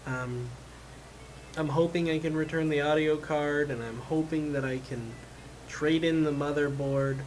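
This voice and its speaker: Slow, rambling frustrated man. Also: on the high side, steady tone. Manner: frustrated, rambling, many fillers. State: losing his voice. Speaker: vlogger. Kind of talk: casual rambling vlog. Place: home room with his cat. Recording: noisy home recording.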